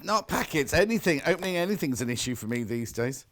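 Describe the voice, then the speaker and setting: A man's voice: fairly high pitch, very animated, fast talker, fairly bright tone, a little hiss or hum. A British man presenting a live shopping show in a windowless studio, chatting and reading out viewer messages.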